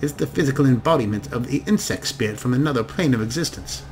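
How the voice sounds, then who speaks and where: A man's voice: mid-range voice, quick pace, darkish tone, a little hiss or hum, lightly acted. A man voicing a flamboyant, sardonic elf man who lectures in a wry way. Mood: lecturing.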